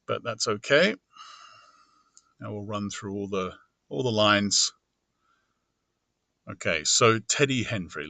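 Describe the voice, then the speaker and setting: A man's voice: medium pitch, bright, forceful tone, no echo. A man narrating audiobooks who talks casually and mutters to himself while he edits his recordings.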